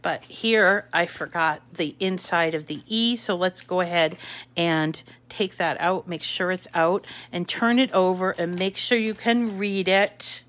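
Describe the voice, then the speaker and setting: A woman's voice: fairly low pitch, fairly even intonation, unhurried, a bit bright. A woman from the Boston area with a Boston accent, chatting casually through a craft demonstration and trailing off into asides as she works. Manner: chatty, many fillers and self-corrections while working. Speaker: craft tutorial host.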